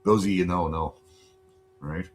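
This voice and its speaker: Man, very low voice, laid-back rambling livestream chat, lots of cursing, faint hum behind. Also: unhurried. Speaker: livestream host. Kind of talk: casual chat. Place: home.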